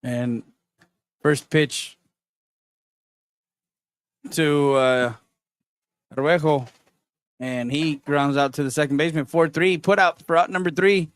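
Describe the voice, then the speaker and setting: A man's voice: fairly high pitch, fairly even intonation, takes it slowly, pauses often, clean tone, no room sound. A man announcing baseball play-by-play, methodically recapping the inning. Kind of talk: measured play-by-play commentary.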